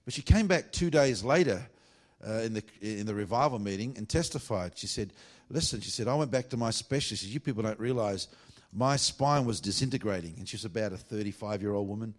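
Evangelist, male, preaching with animated, blunt storytelling. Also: on the low side, brisk. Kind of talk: sermon.

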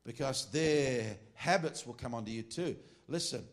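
A middle-aged man with an Australian accent, teaching a class in a loose, informal sermon. He drifts into joking asides and restarts his sentences, and his pitch sits at an ordinary middle level for a man. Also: moderate pace. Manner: rambling and joking, with frequent asides and self-corrections. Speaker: preacher teaching a ministry class.

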